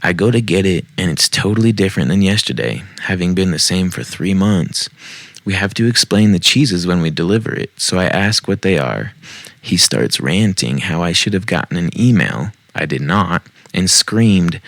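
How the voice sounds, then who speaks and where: This podcast host, recording in a home basement, reads online posts aloud in a casual storytelling way and mocks himself with jokes along the way. He has a low, creaky, animated voice at normal speed, with no room sound.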